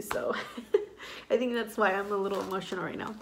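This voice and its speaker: A woman's voice: mid-range voice, fairly even intonation, a little fast, slight background noise. A young woman and mother talking casually and emotionally to her vlog audience, rambling with lots of fillers. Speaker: vlogger, mother.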